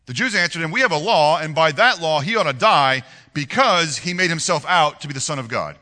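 A pastor delivers a sermon, reading scripture aloud and unpacking it for his congregation with animated rhetorical questions. His voice is slightly high and his pace brisk, echoing through a large hall.

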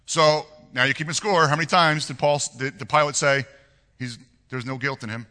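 Lively, bright-voiced male preacher in a big hall. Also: a little high, moderate pace. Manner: animated, asks the congregation frequent rhetorical questions; reads scripture aloud, then explains it. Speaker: pastor. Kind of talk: sermon.

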